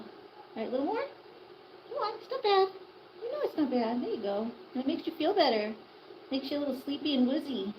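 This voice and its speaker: A woman's voice: a little high, dull audio, background noise. A woman chatting through caring for an injured bird, coaxing and soothing it as she goes. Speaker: animal caretaker. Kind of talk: casual vlog narration. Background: dog barking.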